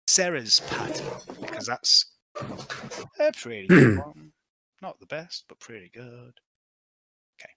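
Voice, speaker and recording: A man's voice: medium pitch, animated, unhurried, long pauses, a bit bright. A man running a tabletop role-playing game as game master, thinking aloud and hesitating with fillers as he checks rules and gear.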